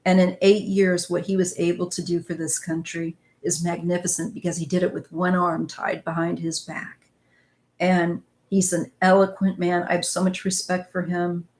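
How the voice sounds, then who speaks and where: A middle-aged woman from northwest Missouri with a Midwestern accent and a slight twang, hosting a relaxed, chatty talk that drifts into asides. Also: fairly low pitch, normal speed. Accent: Midwestern American, slight northwest Missouri twang. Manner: relaxed, chatty, laughs easily, trails off in asides. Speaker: tarot channel host. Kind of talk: casual chat.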